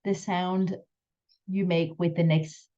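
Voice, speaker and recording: Female language teacher, slow and deliberate delivery, lowish voice, dull lo-fi recording. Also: little pitch movement, mellow. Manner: slow, careful explanations with drawn-out French examples. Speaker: French teacher. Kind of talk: recorded pronunciation lesson.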